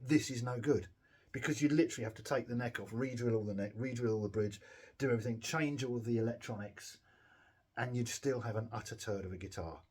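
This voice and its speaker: A man's voice: mid-range voice, quick pace, a little mellow, husky. A man talking casually and self-mockingly as he fixes a cheap guitar, a bit tired and giddy, with guitar playing behind. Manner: rambling, sweary, self-mocking. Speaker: guitar repair vlogger. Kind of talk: casual chat.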